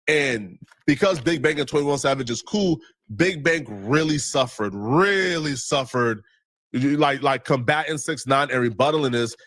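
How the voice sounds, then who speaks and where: A man giving explanatory commentary, laying out his points deliberately and step by step. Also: on the high side, a bit bright, no echo.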